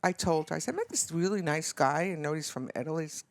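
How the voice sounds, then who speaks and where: Gravelly, lively female guest, animated storyteller, dry recording. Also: sits low, fast talker, no room sound. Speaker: podcast guest. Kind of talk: casual chat.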